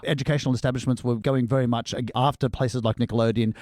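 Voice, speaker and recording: A man's voice: mid-range voice, steady tone, fast, darkish tone, no echo. Aussie podcast guy, wry jokes, dry close mic. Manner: wry, joking asides. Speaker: podcast co-host. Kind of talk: casual chat.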